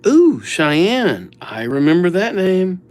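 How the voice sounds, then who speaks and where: Man, unhurried delivery, casual live-stream chat, chatty, reads names aloud. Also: sits high, sing-song, darkish tone. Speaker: livestreamer writing viewers' names.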